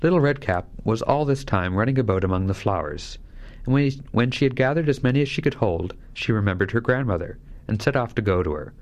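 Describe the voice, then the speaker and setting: A man's voice: lowish voice, expressive, a little fast, a little mellow, highs cut off. A man narrating a fairy tale, shifting his voice lightly for each character. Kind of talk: scripted fairy-tale reading.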